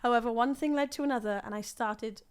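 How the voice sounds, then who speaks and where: A woman's voice: fairly high pitch, quick pace, smooth. A woman guesting on a podcast, casually reading a listener's email aloud and laughing through it. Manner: giggly, breaks into laughter mid-sentence.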